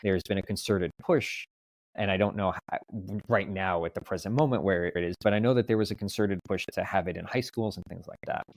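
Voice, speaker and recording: A man in his thirties, a podcast guest, talking in a discursive, animated way in a relaxed interview. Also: sits low, brisk, no room sound. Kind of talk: casual conversational interview.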